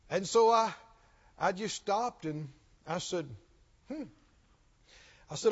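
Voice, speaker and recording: High-voiced, slow, deliberate male preacher. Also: sing-song. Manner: slow, emphatic preaching with rising intensity. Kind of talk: sermon. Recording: dull lo-fi sound in a long-reverb hall.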